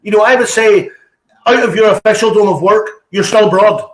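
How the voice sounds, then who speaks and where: A man with a Northern Irish accent chats with his guest in an easygoing interview. His voice is high for a man. It rings out in a roomy, echoey space. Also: normal speed. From Ballymena, Northern Ireland. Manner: chatty, filling talk with "you know". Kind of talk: casual chat interview.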